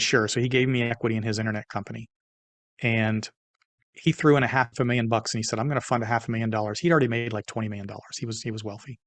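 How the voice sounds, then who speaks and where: An older man, a guest in an interview, telling a personal story in a casual, animated way. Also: fairly low pitch, dry recording.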